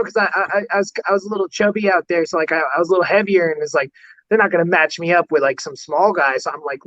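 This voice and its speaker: High-voiced rambling fighter, dull audio. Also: male voice, fairly bright tone. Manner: rambling, heavy use of "like" fillers. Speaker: fighter guest. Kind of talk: casual storytelling interview.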